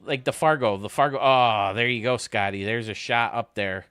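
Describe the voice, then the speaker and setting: A man's voice: mid-range voice, normal speed, a bit bright, clear, resonant tone, no room sound. A man streaming a baseball game, rambling and joking casually with his chat. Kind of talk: casual chat while playing.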